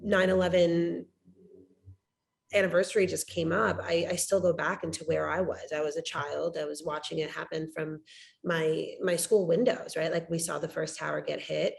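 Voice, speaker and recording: A woman in her thirties hosts an interview podcast. Her voice sits low with a gravelly fry, and she talks in a relaxed, reflective way, full of fillers. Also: normal speed. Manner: conversational, reflective, many fillers. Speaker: podcast host.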